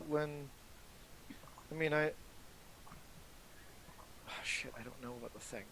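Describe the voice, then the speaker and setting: A man narrating as game master of a tabletop role-playing game, in a relaxed, rambling way. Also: mid-range voice, unhurried, long pauses, low-quality recording. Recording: faint hiss.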